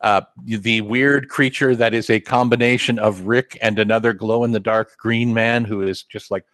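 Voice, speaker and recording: A man's voice: lowish voice, normal speed, no room sound. Trivia-loving male comic reviewer. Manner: knowledgeable, trivia-heavy, animated. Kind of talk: casual podcast chat.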